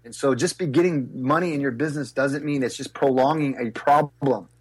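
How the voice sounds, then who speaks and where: A man, a speaker and business coach, telling animated stories in an interview and acting out the voices of others. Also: medium pitch, a little fast, husky. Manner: acts out voices and gasps, lively and expressive. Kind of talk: animated storytelling in a podcast interview.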